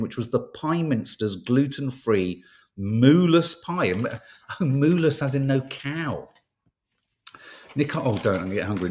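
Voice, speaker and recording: A man hosting a casual live chat, reading newspaper stories and viewer comments in a chatty, irreverent way, swearing now and then. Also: medium pitch. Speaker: host.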